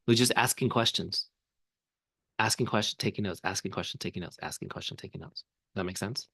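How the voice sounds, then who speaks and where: A man leading a live sales training demo on a video call, energetic and coaching, often checking the listeners follow along. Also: low-pitched, fairly quick, gravelly, slightly rough, no echo. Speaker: software founder training a sales team.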